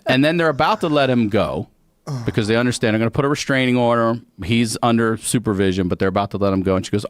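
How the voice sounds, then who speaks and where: A man's voice: mid-range voice, fast, dry recording, clean studio sound. A man from Baltimore telling a long funny story in casual chat, acting out voices as he goes. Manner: animated, acts out voices and sings bits. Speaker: comedian guest.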